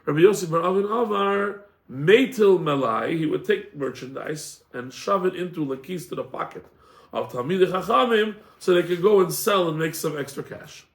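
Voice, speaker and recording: A man with a high-pitched voice teaches a casual class as a rabbi, retelling old stories with lively, animated delivery. He slips into voices for the people he describes. The sound bounces around an echoey room. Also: normal speed, gravelly. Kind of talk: casual Torah class with storytelling.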